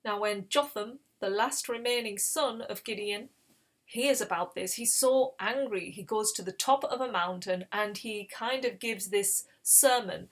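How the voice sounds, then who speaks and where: A woman's voice: medium pitch, unhurried. A woman hosting a Bible reading channel, retelling scripture in a casual, conversational way with explanatory asides.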